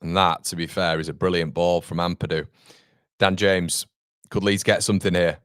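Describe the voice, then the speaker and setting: A man's voice: low-pitched, flat delivery, normal speed, a bit bright, clear, resonant tone, no room sound, clean studio sound. A man, hosting a live football watchalong and chatting bluntly, with the odd swear word. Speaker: fan channel host. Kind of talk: live match watchalong commentary.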